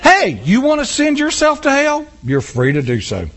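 Impassioned pastor preaching, lively and high. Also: male voice, moderate pace. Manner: impassioned, talks with the congregation. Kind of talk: sermon. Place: church.

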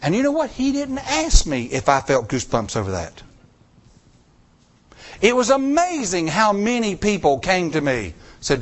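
A man's voice: sits high, huge pitch swings, normal speed. A middle-aged man preaching a story-filled sermon, acting out quotes in shifting voices.

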